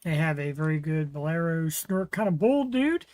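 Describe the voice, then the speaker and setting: A male host talks through his own livestream in a loose, rambling way, stacking fillers and restarts as he goes. His voice sits close and dry on a desk mic with no room sound. He sounds relaxed and unscripted. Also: fairly high pitch, moderate pace, few pauses, no room sound, rough recording. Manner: rambling, chatty, full of fillers. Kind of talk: casual solo livestream chat.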